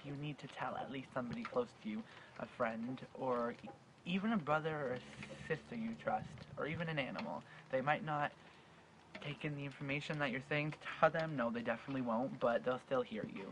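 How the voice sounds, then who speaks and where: A man's voice: mid-range voice, fairly quick, noisy background. A young man in his late teens speaking in an earnest, heartfelt way, with a stutter and frequent restarts. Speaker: vlogger. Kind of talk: personal advice vlog.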